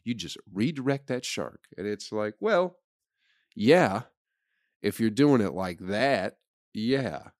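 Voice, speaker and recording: A man's voice: fairly low pitch, expressive, slow, no echo, clean studio sound. A man hosting a comedy podcast, talking casually in a rambling, profane riff. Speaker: podcast host.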